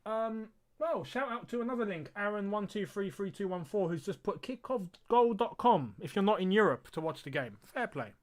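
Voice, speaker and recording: A man with a fairly high voice for a man calls a live match from his streaming desk. He chats loosely to his viewers, laughs easily and yelps when something happens on the pitch. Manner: excitable, chatty, quick to laugh and cry out at the action. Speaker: streamer hosting a football watch-along. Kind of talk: live casual match commentary and chat.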